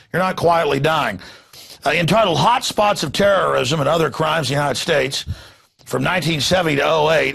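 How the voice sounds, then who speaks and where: Man, gravelly, raspy, somewhat high voice, sarcastic ranting news host. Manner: sarcastic, mocking, heated; jumps between loud bursts and low asides.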